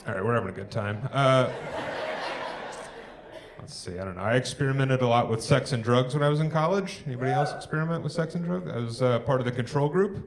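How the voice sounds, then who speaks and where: Young male comic doing crowd work. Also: medium pitch. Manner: crowd work, dry one-liners, pauses for laughs. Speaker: stand-up comedian. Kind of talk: live stand-up set. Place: theatre stage before a live audience. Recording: live theatre with audience laughter. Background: crowd laughing and clapping.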